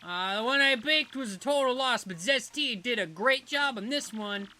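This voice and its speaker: A man's voice: very high-pitched, a little slow, voice pushed up, exaggerated voice. A man voicing a gushing young woman who is a breathless, star-struck fan. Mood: flustered. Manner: breathless, squealing excitement.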